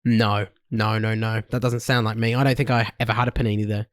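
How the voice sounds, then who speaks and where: A young man, co-hosting a podcast, chatty and quick to chime in during casual banter. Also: lowish voice, little pitch movement, no echo, clean studio sound. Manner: chatty, quick to agree and interject. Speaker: podcast co-host.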